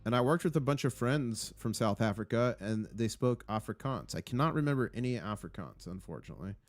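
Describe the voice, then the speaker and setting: A man's voice: medium pitch, animated, fairly quick, no room sound. A man hosting a casual live stream, reading out viewer comments in an upbeat, rambling way. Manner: rambling, with fillers and restarts. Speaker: livestream host.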